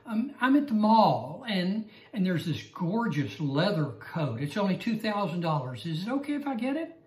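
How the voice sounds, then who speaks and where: A Bible class teacher voicing a pampered wife who coaxes her husband into expensive purchases, in a high, sweet tone. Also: sing-song, normal speed, darkish tone, echoey room, distant mic, close to an everyday voice, rough recording. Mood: coaxing.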